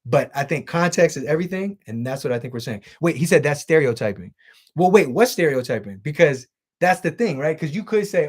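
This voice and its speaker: A male streamer talking off the cuff from a home setup, loose and profane. His pitch swings widely as he talks, lively and animated. He reads out viewer comments and throws questions to the room. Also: brisk. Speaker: livestream host. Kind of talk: casual chat with stream viewers.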